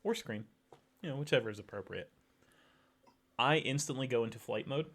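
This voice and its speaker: A man's voice: medium pitch, fairly quick, fairly bright tone. Plainspoken man in a podcast chat. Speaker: podcast guest. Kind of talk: casual debate chat.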